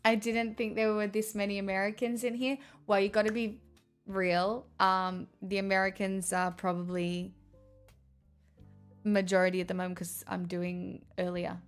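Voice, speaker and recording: A woman's voice: medium pitch, little pitch movement, normal speed, smooth, faint music behind. A woman streaming live, chatting casually and answering her chat's questions aloud. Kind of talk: casual chat reading stream chat.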